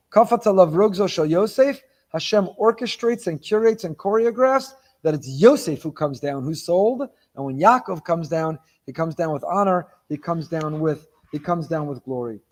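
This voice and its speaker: A man's voice: high voice, normal speed. A rabbi giving a sermon on the weekly Torah portion. He asks rhetorical questions, stacks phrases for emphasis, and mixes Hebrew terms into his English. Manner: animated, repeats phrases for emphasis.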